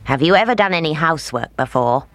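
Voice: mid-range voice, animated, quick pace, fairly bright tone, close to an everyday voice. A storyteller voicing a bossy, scheming old witch who snaps and scolds. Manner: snapping, snarling, scolding.

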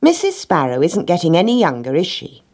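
A woman voicing a bossy, earnest little hen who keeps insisting and explaining, in a storybook reading, her voice a little husky. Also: on the low side, wildly swooping pitch, brisk, darkish tone, voice pushed up. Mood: insistent.

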